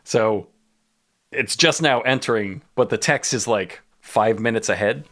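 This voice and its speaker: A man's voice: on the low side, measured pace, fairly bright tone. A man guest on a podcast, casually recapping a comic in a wry, rambling way with frequent laughs.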